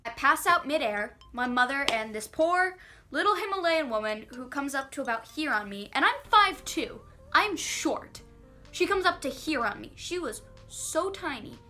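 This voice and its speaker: Young woman vlogger, bright forceful voice, lively storytime delivery over soft music. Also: high-pitched, normal speed. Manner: animated storytelling, quoting others in acted voices. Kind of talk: storytime vlog. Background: faint background music.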